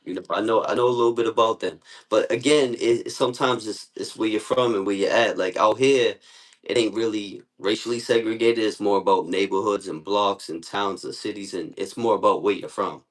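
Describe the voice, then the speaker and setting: A man's voice: lowish voice, fairly even intonation, brisk. A man hosting a podcast, asking questions in easygoing street slang. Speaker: podcast host. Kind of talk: casual interview chat.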